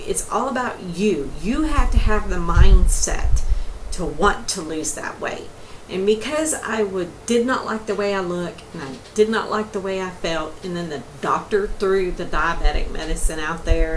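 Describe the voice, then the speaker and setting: Chatty woman on a distant webcam. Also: mid-range voice. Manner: chatty, earnest, addresses viewers as y'all. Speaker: vlogger. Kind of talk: casual chat to camera. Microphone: laptop webcam. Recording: roomy, distant mic, faint room noise.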